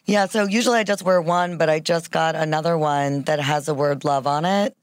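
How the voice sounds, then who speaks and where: A woman's voice: deep voice, fairly quick, smooth, dry recording, studio quality. A woman guest on a podcast in casual chat, easygoing and agreeable. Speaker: podcast guest, fashion designer.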